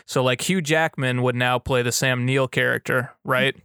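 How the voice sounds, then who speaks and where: Man, podcast co-host, smooth clear voice, dry close sound, thoughtful and measured. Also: mid-range voice, fairly even intonation, sharp tone, no room sound. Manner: thoughtful, measured, filler-heavy. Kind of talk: casual chat.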